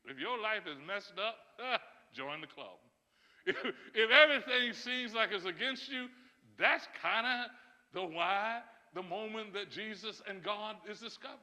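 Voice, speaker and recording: A man preaching a sermon as pastor, emphatic and often laughing, building to loud, rising calls. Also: high-pitched, lively intonation, measured pace. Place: church sanctuary. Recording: church sanctuary with long reverb.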